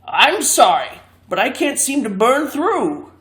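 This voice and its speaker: A woman's voice: high-pitched, very animated, slow pace, a bit bright, reverberant, voice pushed up, exaggerated voice. A woman voicing a plucky, hot-tempered male creature in a storybook reading. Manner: plain-spoken, easily irritated.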